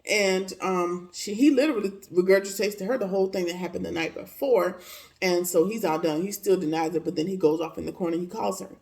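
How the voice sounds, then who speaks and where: A woman's voice: lowish voice, fast, creaky, a little mellow, rough recording. Chatty, blunt woman recapping a show. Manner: chatty, slangy and blunt, with frequent profanity and asides. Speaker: TV episode reviewer. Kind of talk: casual recap and commentary.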